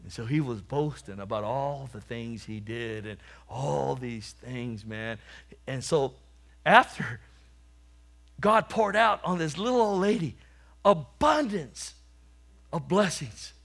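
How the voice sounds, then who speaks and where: A man's voice: medium pitch, lively intonation, takes it slowly, creaky, a bit bright. A man preaching a sermon, telling a humorous story and then exhorting and praying fervently.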